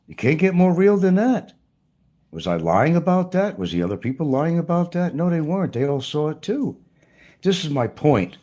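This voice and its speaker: A man's voice: mid-range voice, darkish tone, husky. A man delivering a blunt, profane, preachy rant as a YouTuber. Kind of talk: ranting monologue to camera.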